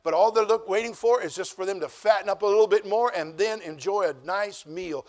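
A man preaching a sermon as pastor, moving from quiet, joking asides to loud, emphatic declarations. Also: high voice, a little fast. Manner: humorous, conversational storytelling.

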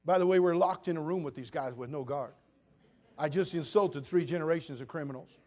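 A pastor in his sixties preaching a sermon, swinging between loud bursts and quiet, low asides. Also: a little fast. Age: 60s.

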